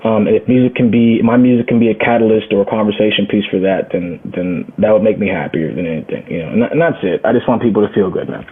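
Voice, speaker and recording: A man's voice: fairly low pitch, fast, hardly any pauses, breathy edge. An American man, a musician guest in a casual interview, rambling and laughing with many restarts, heard over a video call. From United States. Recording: tinny phone-like line.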